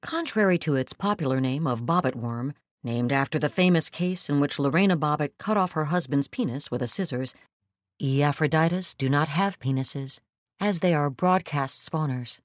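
A woman reading a story aloud in a measured, steady narrating voice, close to the mic. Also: sits low, no room sound. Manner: measured, steady storytelling with quoted lines acted. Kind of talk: scripted audiobook narration.

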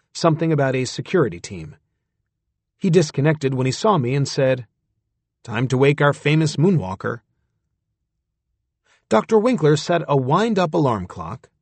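A man with a husky voice narrating a story in the first person, in a close, dry recording. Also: fairly high pitch, a little mellow, no echo. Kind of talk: scripted audiobook narration.

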